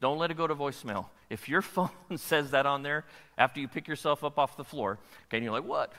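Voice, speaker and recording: Bright-voiced pastor preaching in a hall. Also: male voice, mid-range voice, quick pace. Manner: animated, asks the audience questions. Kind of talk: sermon.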